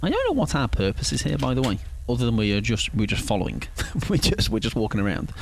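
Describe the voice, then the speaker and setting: A man's voice: mid-range voice, big pitch swings, fast talker, creaky, hardly any pauses, a little hiss or hum. A man chatting casually with viewers while streaming a game, playful and rambling, chuckling often. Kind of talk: casual live-stream chat while gaming.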